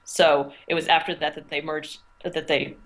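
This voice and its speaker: A woman's voice: low voice, level tone, moderate pace, a bit bright. A middle-aged woman, a teacher, talking through her experiences in a casual interview, thoughtful and full of restarts. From United States. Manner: thoughtful, storytelling, frequent restarts.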